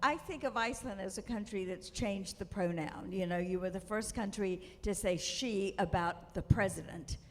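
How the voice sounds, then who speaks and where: A woman moderating a panel who asks questions in a measured, hesitant way, in a reverberant hall with faint background noise. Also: medium pitch.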